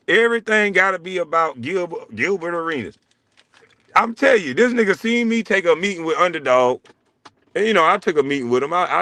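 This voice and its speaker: A man hosting his own show, delivering a heated, profane solo rant, taunting and swinging between loud jabs and low mutters. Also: no room sound. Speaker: show host.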